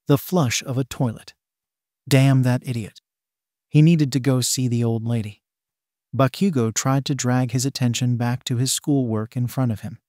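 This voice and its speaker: A man reading fan fiction aloud as narrator, with steady storytelling. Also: mid-range voice, dry recording, clean studio sound.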